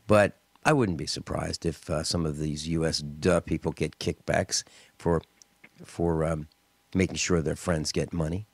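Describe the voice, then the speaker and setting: A man hosting a talk radio show, telling stories and ranting in an indignant, animated way with mocking asides. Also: extremely low pitch, a little slow, vocal fry, slightly rough, dry recording.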